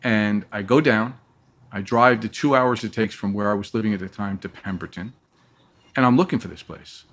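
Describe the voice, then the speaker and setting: A man telling a long personal story as a guest in an interview, lively and acting out the voices of the people he quotes. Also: lowish voice, normal speed.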